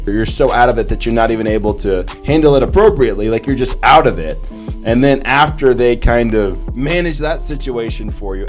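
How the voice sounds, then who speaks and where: A man's voice: mid-range voice, a little mellow. A man commenting in disbelief and laughing between remarks. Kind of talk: reaction commentary.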